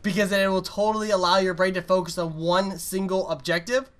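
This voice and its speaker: A man co-hosting a gaming chat, explaining absurd theories with mock seriousness and loud acted outbursts. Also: high-pitched, steady tone, a little fast. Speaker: gaming channel co-host. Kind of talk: casual comedic chat.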